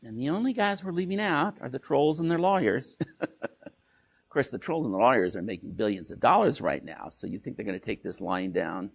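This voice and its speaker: Gravelly, joking male lecturer. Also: medium pitch, animated, brisk. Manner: joking, with frequent restarts and tag questions. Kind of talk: academic talk.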